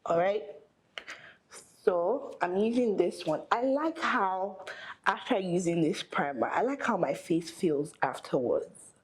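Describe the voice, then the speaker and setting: Low-voiced young woman chatting through her makeup routine, thinking out loud. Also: expressive, slow pace, rough recording. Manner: chatty, thinking aloud while applying makeup. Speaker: makeup artist vlogger. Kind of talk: casual get-ready-with-me chat.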